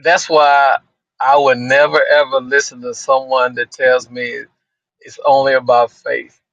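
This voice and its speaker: Flat-voiced man on a dull phone line. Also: medium pitch, measured pace, vocal fry, dry recording. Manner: conversational, thankful, builds a point step by step. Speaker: participant in a study group. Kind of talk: casual chat.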